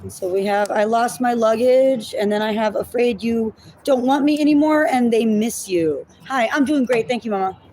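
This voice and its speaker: A woman's voice: fairly high pitch, moderate pace, hardly any pauses, darkish tone, slight background noise, poor audio. A woman giving a casual tarot reading to her viewers, chatty, thinking aloud and laughing at herself as she goes. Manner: addresses viewers as y'all and my loves. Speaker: tarot reader.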